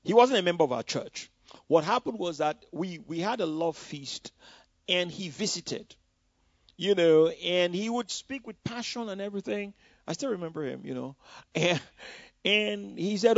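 A Nigerian man preaches a personal testimony in a loose, conversational style, dropping in many "you know" asides. His voice sits high and sounds animated, at a normal speed. The recording is dull, dry and lo-fi.

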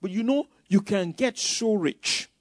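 A man preaching a sermon as pastor, with bursts of loud emphasis and mocking asides. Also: high-pitched, measured pace, no room sound, studio quality.

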